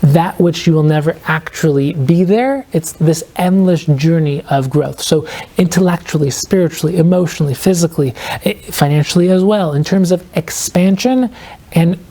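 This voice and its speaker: A man, an author guesting on a podcast, explaining his ideas earnestly and reflectively, slowing down to stress key points. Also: on the high side, warm tone. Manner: fills speech with "like" and quoted inner questions.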